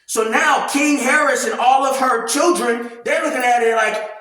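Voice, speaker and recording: A man ranting loudly and animatedly in casual commentary, swearing freely. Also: very high-pitched, moderate pace. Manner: loud, animated, profane ranting. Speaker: commentary vlogger. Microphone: camera mic at a distance, no clip-on mic. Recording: very echoey room, voice far from mic.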